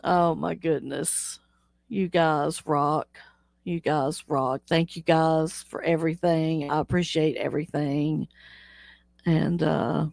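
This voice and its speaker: A woman's voice: deep voice, fairly even intonation, slow, gravelly, darkish tone, no echo, studio quality. A woman hosting a casual live stream, chatting with viewers, teasing them and laughing often as she reads the chat aloud. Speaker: livestream host.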